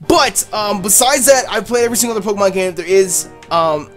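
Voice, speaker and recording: A young adult host narrating a let's play, loud and hyped, swearing often over the game. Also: medium pitch, animated, fast talker. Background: faint game music.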